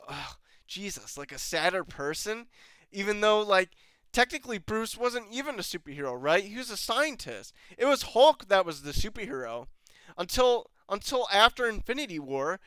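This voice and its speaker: A man's voice: fairly high pitch, bright, forceful tone, clean tone, no echo. A man giving an angry, profane reaction rant as a show reviewer, laughing in disbelief between outbursts.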